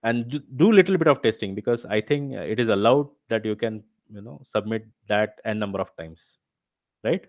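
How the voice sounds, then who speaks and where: A man's voice: lowish voice, lively intonation, moderate pace, a little mellow, dry recording. A man teaching a live online revision session, explaining step by step and checking with his students as he goes. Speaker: instructor. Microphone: video call.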